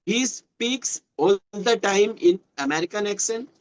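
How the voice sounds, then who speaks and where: This western Uttar Pradesh native, whose first language is Hindi, speaks English with an Indian accent in a high, animated, unhurried voice. During casual conversation practice he patiently explains things, often repeating words as he looks for phrasing, and the recording is rough.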